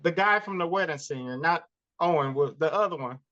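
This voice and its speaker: A man co-hosting a casual movie podcast, animated and often laughing. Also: on the high side, fairly quick. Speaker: podcast co-host. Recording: dull lo-fi podcast audio.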